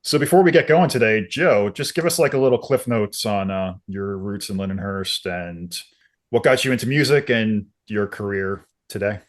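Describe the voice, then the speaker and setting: A man from Long Island hosting a podcast, welcoming guests in a friendly, unhurried way. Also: on the low side. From Long Island, New York. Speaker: podcast host. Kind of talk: casual podcast chat.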